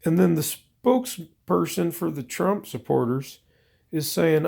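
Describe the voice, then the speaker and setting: A man's voice: fairly high pitch, unhurried, creaky, a little mellow. A man delivering a profane, exasperated, rambling comedic rant to his viewers. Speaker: vlogger.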